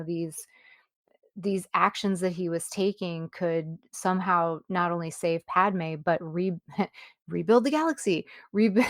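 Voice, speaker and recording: A woman's voice: medium pitch, no room sound, studio quality. A woman co-hosting a podcast, talking over a film in a reflective, casual chat. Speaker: podcast co-host.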